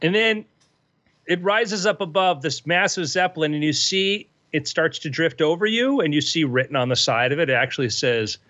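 Lively animated man running a game. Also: fairly high pitch, moderate pace, lo-fi sound. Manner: playful, animated scene-setting. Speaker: game master. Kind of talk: narrating a tabletop game.

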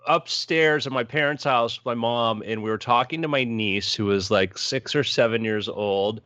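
A man telling a story in casual chat, animated and acting out the voices he quotes. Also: mid-range voice, normal speed, no room sound. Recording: dull, dry lo-fi sound.

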